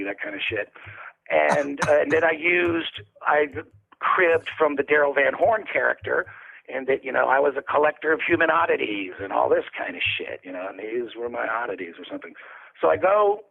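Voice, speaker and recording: Creaky, husky man on a phone line. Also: mid-range voice. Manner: rambling, profane, laughing anecdotes. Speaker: interview guest. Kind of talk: casual storytelling. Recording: tinny phone-line audio.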